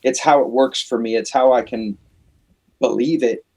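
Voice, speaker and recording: A man guesting on a casual podcast interview, telling animated stories in a loose, profane way. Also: medium pitch, normal speed. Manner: animated storytelling, swears freely, acts out quoted exchanges. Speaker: guest, rock band lead singer.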